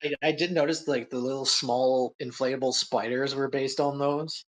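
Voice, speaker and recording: A man joins a casual podcast conversation as co-host, dropping in short asides. He likes to push back with a counterpoint now and then. His voice sits at an ordinary middle pitch. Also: steady tone, normal speed.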